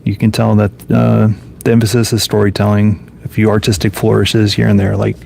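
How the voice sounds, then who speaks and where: A man's voice: fairly low pitch, monotone, brisk, creaky, darkish tone. A man casually thinking aloud as he flips through and reviews old comic books, offhand and musing. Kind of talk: casual solo commentary.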